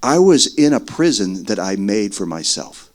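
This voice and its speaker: A middle-aged man preaching a sermon as earnest testimony, swinging between loud stretches and hushed ones. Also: fairly low pitch, big pitch swings, moderate pace.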